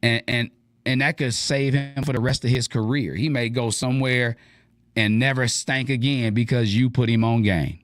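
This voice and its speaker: Man, radio advice host, slangy casual talk, lively, mid-pitched voice, dry close mic. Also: moderate pace, dry recording. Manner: animated, slangy, acts out quoted lines in higher voice.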